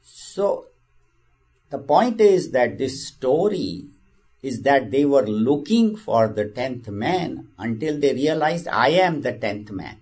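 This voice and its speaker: A man's voice: mid-range voice, sing-song, slow, a little mellow, husky. A man giving a spiritual discourse. He speaks in a conversational way, repeats phrases and tells a parable. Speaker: spiritual teacher.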